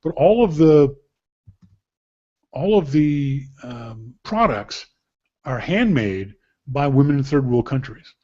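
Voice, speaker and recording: A man hosting a podcast, chatting casually and telling joking, animated stories about holiday gifts. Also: medium pitch, slow pace, pauses often, muffled recording. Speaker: podcast host. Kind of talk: casual gift-guide chat.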